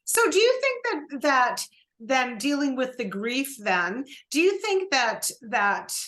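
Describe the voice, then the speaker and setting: A woman's voice: high voice, big pitch swings, takes it slowly, fairly bright tone. A woman hosting an interview, asking rambling questions with many restarts. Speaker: podcast host. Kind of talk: casual interview conversation.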